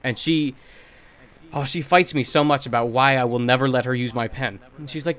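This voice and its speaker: A young man co-hosting a podcast in casual chat, telling workplace stories in a blunt, profane, animated way. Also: mid-range voice, fairly quick. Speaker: podcast co-host.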